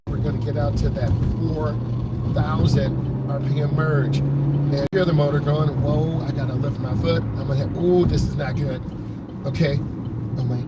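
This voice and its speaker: A man, a driving instructor, coaches his live chat while driving through city traffic. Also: fairly high pitch. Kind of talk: live-streamed driving commentary. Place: inside a car in city traffic. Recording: clear car and traffic noise. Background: engine and road noise.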